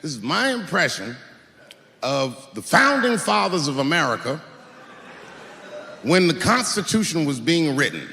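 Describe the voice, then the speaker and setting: A man doing stand-up comedy on stage, loud and full of swearing, shouting at the audience, recorded in an echoey hall with a live crowd. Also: fairly high pitch, very animated, unhurried, creaky, long pauses. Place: large venue on stage.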